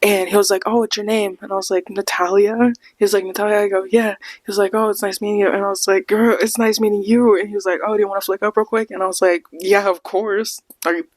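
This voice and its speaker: A woman's voice: mid-range voice, very fast, few pauses, no room sound. A young woman hosting a podcast, telling a casual storytime with lots of laughs and acted-out quotes. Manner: animated, laughs often, acts out quotes. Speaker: podcast host.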